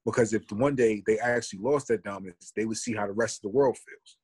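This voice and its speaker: A man's voice: on the low side, fast, a little mellow, slightly rough. A man, earnestly telling a story and reflecting on it in a casual podcast talk. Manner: earnest, reflective, builds an argument. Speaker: podcast co-host.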